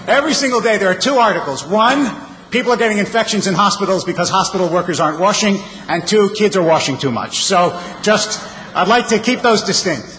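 A man's voice: high voice, expressive, a little fast, a bit bright, slight background noise. Man preaching in a reverberant hall. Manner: storytelling with wry humor. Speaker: rabbi. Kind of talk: sermon. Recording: reverberant hall, faint ambience.

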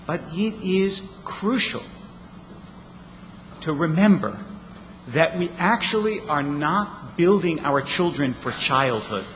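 A man's voice: fairly high pitch, expressive, takes it slowly, a bit bright, a little hiss or hum. A man giving a sermon as a rabbi, telling stories with wry humor. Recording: reverberant hall, faint ambience.

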